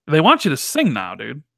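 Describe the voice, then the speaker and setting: A man's voice: on the high side, creaky, no room sound, clean studio sound. A man with a Chicago accent co-hosting a podcast in casual chat, often hesitant as he reads out viewer messages. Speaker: podcast co-host.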